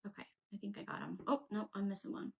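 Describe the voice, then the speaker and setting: A woman with a voice of ordinary middle pitch, hosting a relaxed crafting livestream. She talks casually and keeps up a running chat as she works. She answers her viewers along the way. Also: quick pace, vocal fry, lo-fi sound. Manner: chatty, thinks aloud while working, answers viewers. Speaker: craft channel host.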